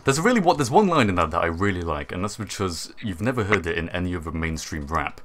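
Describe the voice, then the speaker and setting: A man raps quick rhythmic verses and then slips into casual chat, his voice lively and swinging. It sits a little low and keeps bouncing up and down as he talks and laughs. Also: background noise. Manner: rapid rhythmic rapping, laughs a lot. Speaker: co-host rapping on a stream.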